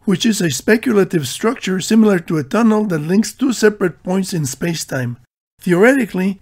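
A man reading a scripted, tongue-in-cheek voice-over with dry, deadpan humor. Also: sits high. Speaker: video narrator.

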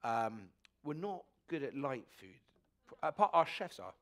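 A man in his forties with an English accent talks food on a festival stage. His delivery is chatty and wry, full of quick asides and self-corrections. The pitch sits mid-range for a man. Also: very animated, fairly bright tone. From England. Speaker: food critic and festival guest. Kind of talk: onstage festival conversation. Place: festival stage before an audience.

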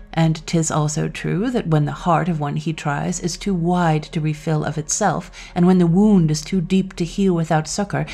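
A woman's voice: lowish voice, dark tone. A woman voicing an earnest, lovestruck doctor. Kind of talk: audiobook reading.

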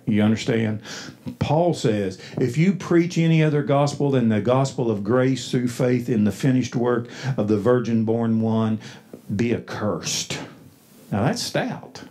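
An American man preaching a sermon from the pulpit, folksy, with frequent restarts and loud, emphatic passages. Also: a little high. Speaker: pastor. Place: church sanctuary.

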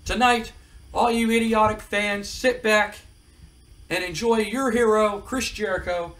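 A man voicing a cocky male wrestling champion who loudly taunts the fans and boasts. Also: high voice, fairly even intonation, unhurried, far from the mic, pitched above the performer's own voice, rough recording. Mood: boastful. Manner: loud, boastful, insulting.

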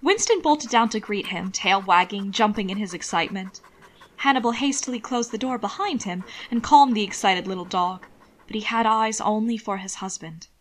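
A woman with a medium-pitched voice reads a fan fiction story aloud as an audiobook narrator, calm and measured.

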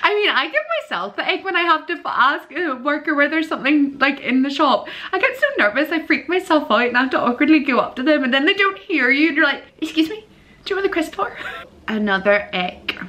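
A young woman chatting casually in a vlog, giggly and animated, breaking into squeals and disgusted groans. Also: high voice, fairly quick. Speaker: vlogger.

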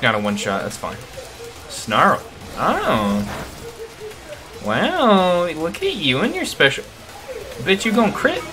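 A young man giving casual, slangy gameplay commentary, excitable and swearing often. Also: medium pitch. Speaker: let's play host.

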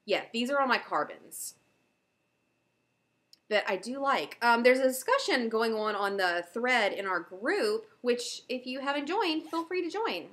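Her fairly high voice has lively intonation and a fairly bright tone, and she doesn't rush. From the Southern US, she hosts a knitting video podcast, chatting happily and casually about her projects with lots of fillers.

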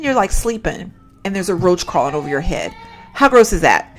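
A woman giving animated, exclaiming let's-play commentary and chatting straight to her viewers. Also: medium pitch, normal speed. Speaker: gaming channel host.

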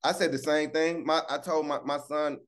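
A man hosting a casual morning devotional on a video call, lively and preachy, calling out to listeners by name. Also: on the high side, normal speed. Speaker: morning show host.

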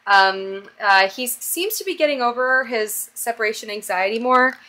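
A woman's voice: fairly high pitch, moderate pace, sharp tone. A young woman vlogging casually at home as a mom, chatty and doting, often stopping to coax her toddler.

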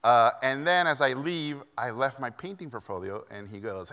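Animated man telling stories. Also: medium pitch, normal speed, clear, resonant tone. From Mexico. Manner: lively, animated anecdotes, laughing often. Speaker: keynote speaker. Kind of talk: storytelling keynote. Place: conference hall stage. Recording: echoey conference hall.

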